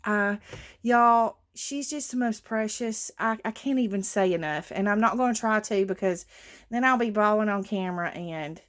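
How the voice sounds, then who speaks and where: A woman chatting casually and emotionally to her viewers as a craft channel host, with lots of fillers. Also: on the high side. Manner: emotional, gushing, warm thanks with many fillers.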